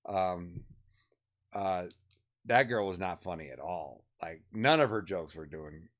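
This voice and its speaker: A man in his thirties co-hosting a casual stream, laid-back and hesitant, with plenty of pauses and fillers. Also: low voice, expressive. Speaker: stream co-host. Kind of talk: casual chat about video game awards.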